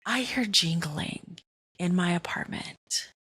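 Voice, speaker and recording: A woman's voice: on the low side, takes it slowly, husky, whispered. Chatty woman podcaster telling a story. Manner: chatty, animated, filler-heavy with frequent "right?" and "like"; drops to a hushed voice when retelling scary moments. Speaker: podcast host. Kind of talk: casual faith storytelling monologue.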